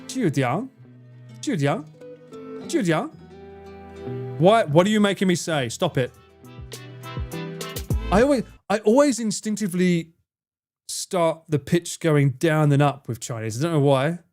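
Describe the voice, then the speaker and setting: Male streamer, bouncy pitch, foul-mouthed and laughing as he reads chat, faint music underneath. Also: lively intonation, moderate pace, pauses often, darkish tone. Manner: swears a lot, laughs often, answers chat. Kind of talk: casual live-stream chat.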